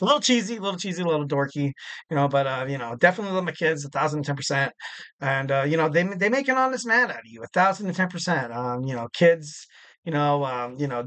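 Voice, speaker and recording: A man's voice: on the high side, a bit bright. A man in his thirties hosting a casual solo podcast, rambling with lots of "you know" fillers. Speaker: podcast host.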